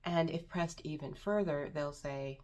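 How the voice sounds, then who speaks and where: A woman vlogger giving personal advice to the camera, earnest and emphatic, repeating words for stress and sometimes dropping to a hushed near-whisper. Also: low voice, measured pace. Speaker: self-improvement vlogger.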